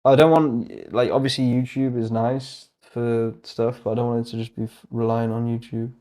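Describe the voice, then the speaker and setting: A young man hosting a casual livestream, thinking aloud as he browses, excitable, laughing often and muttering asides to himself. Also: mid-range voice, moderate pace. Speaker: host.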